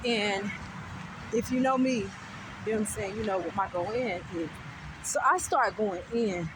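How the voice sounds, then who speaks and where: A woman telling a story on her vlog in an animated, profane way, with frequent asides to viewers. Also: medium pitch, normal speed, pauses often, background noise. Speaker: vlogger.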